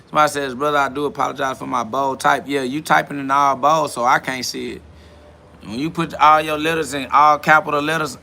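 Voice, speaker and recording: A sharp-toned, mid-range male voice with vocal fry, heard over a light hiss or hum. As a podcast host in his twenties, he reads chat comments aloud and rambles casually, profane and slangy, with "you feel me" popping up constantly.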